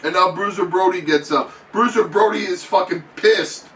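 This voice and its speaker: A man doing excitable, profane mock wrestling play-by-play commentary in an announcer's patter. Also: sits high, normal speed, far from the mic. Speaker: channel host. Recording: echoey room, off-mic, faint noise.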